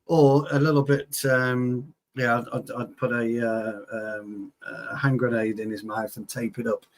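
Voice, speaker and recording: A man's voice: mid-range voice, flat delivery, a little slow, slight background noise. A man co-hosting a football show in casual chat, boisterous and joking, swearing freely.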